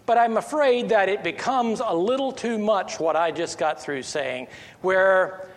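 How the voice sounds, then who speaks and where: An American man giving an informal teaching talk on faith, halting and full of restarts, rising in pitch when he presses a point. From United States. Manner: halting, many restarts and fillers, rises when stressing a point. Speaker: Christian speaker. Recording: long echoey reverb.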